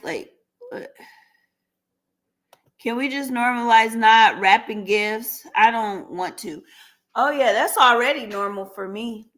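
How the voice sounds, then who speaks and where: A woman's voice: on the high side, a bit bright. A woman hosting a casual live stream, chatty and laughing often, talking aside to her dog.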